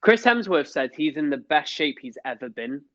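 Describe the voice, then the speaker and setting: A man's voice: on the high side, very animated, normal speed, fairly bright tone, no room sound, muffled recording. A young man co-hosting a casual chat, rambling with enthusiasm and swearing. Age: young adult. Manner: rambling, enthusiastic, swears, fillers like mate and bro. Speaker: podcast co-host.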